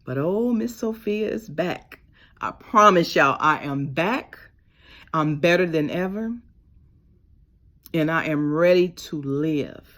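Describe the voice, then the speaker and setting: A woman with a tells her story straight to the camera in a personal vlog. Her voice sits on the low side. She drops to a hush, then rises to emphatic bursts. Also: slow pace, long pauses. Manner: expressive, swings from hushed to emphatic. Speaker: vlogger.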